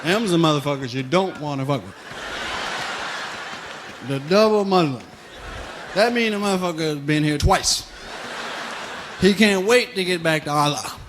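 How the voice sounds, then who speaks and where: A man doing a stand-up routine, telling profane stories loudly and laughing along with his own jokes. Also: on the high side, lively intonation, moderate pace, long pauses. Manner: loud, profane storytelling that keeps breaking into laughter. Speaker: stand-up comedian. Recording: noisy live recording.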